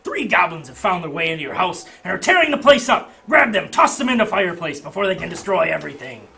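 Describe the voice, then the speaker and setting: Man doing an excitable carnival game barker. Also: high voice, fast talker, gravelly, pitched above the performer's own voice, exaggerated voice. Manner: pushy, excitable huckster patter. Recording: noisy home recording.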